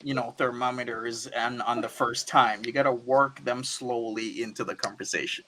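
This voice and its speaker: A man hosting a podcast in casual chat, telling stories with animated energy and frequent laughter. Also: mid-range voice, moderate pace, a crowd in the background, poor audio. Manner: animated storyteller, laughing often. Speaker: podcast host.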